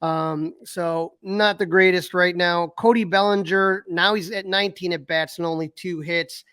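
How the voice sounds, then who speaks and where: High-voiced man reeling off sports stats. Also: fairly even intonation, normal speed, fairly bright tone, clean tone, dry recording, clean studio sound. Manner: reels off stats with fillers and restarts. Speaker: podcast co-host. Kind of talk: casual sports talk.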